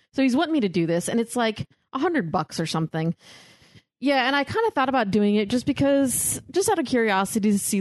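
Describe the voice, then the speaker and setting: A woman's voice: mid-range voice, no room sound, clean studio sound. A woman co-hosting a podcast, chatting casually with crude jokes and frequent laughter. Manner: crude, joking, laughing often. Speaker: podcast co-host. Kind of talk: casual chat.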